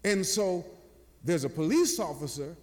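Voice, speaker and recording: Older pastor, high lively voice, slow storytelling sermon, long church echo. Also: male voice. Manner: animated storyteller, slow and drawn-out.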